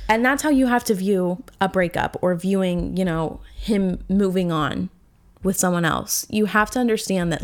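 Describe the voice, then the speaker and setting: A woman in her twenties hosting a solo podcast, talking in a candid, rambling, emotional way, full of fillers and restarts. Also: lowish voice. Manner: emotional and reflective. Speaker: podcast host. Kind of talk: casual solo podcast monologue.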